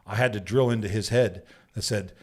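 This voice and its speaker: A Canadian man, a bushman appearing as a podcast guest, tells stories in a relaxed studio conversation. His voice sits fairly low and moves a little fast. He's an animated storyteller who acts out quoted lines and keeps asking "right?"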